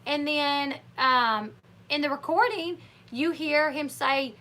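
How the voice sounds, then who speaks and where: Bright-voiced chatty woman with a twang. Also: high voice, a little slow. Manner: chatty, opinionated, acts out quotes in animated voices. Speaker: livestream host. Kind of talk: casual live chat commentary.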